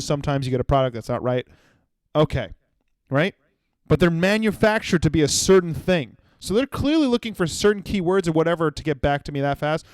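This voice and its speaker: A young man hosting a comedy podcast, telling a story in an animated way and acting out the people he quotes. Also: a little high, clean tone, no room sound, clean studio sound. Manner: animated storytelling with acted-out quotes and sudden shouts. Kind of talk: solo comedic monologue.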